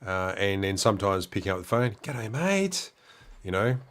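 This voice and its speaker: A middle-aged Australian man hosts a livestream, speaking fast in a low-sitting voice as he casually chats and answers viewer comments with relaxed fillers and restarts.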